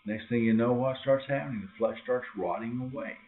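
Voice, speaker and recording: A man gives a casual, conversational sermon at a middle pitch. He breaks into quoted voices with sudden high, loud cries. The recording is tinny and narrow, as if heard over a phone line. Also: brisk. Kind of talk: informal sermon.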